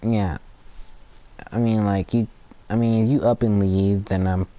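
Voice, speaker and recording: A teenage boy talking casually and rambling about friendships, halting with many restarts and fillers, his teeth sore from aligners. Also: lowish voice, steady tone, mellow, clean tone. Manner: acts out friends in quoted voices. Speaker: gaming channel creator. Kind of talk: casual rambling talk while gaming.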